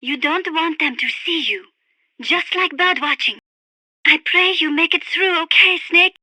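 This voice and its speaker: A soft-spoken French birdwatcher. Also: female voice, very high-pitched, a little slow, no room sound, heavily acted. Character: refined young French woman birdwatcher, gentle and dreamy. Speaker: radio support character. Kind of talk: game radio dialogue.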